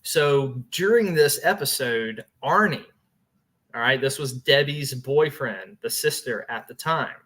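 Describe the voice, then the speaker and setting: A man with a bright, forward voice hosts a paranormal show. He tells his story casually, with lots of fillers and restarts, and breaks into laughter now and then. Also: mid-range voice, unhurried. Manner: chatty, laughs often, many restarts and fillers.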